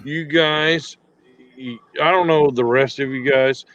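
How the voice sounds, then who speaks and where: A man's voice: mid-range voice, fairly even intonation, slow, a bit bright, dull audio. A man guesting on a livestream, earnestly thanking the hosts who helped his channel. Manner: earnest, grateful. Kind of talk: casual livestream chat.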